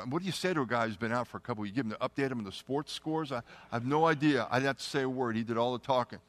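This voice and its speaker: A middle-aged man telling a personal testimony story, earnest and often dropping to a hushed tone. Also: medium pitch, racing, hardly any pauses, no room sound. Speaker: testimony speaker.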